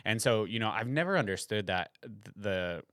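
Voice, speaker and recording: Low-voiced male podcast host, chatty. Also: animated, normal speed, a bit bright, dry recording. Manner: chatty, jokes and laughs often. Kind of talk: casual chat.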